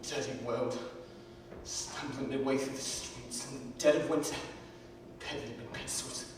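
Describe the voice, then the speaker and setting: A man's voice: mid-range voice, steady tone, noisy background, natural voice. A man playing a weary blind old peddler. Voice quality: gruff, rustic old-timer speech. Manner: stage acting, slow and mournful. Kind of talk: stage recital acting. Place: large theatre stage. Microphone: distant room mic. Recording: echoey hall from far off.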